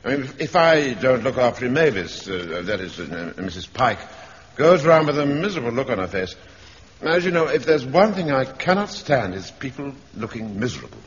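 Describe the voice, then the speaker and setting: A man's voice: mid-range voice, very animated, brisk, a little hiss or hum, close to an everyday voice. A man plays a genteel, mild-mannered sergeant who murmurs politely and trails off in a vintage radio comedy. His intonation rises and falls freely on a dull archive recording. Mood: languid. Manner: polite, vague and hesitant.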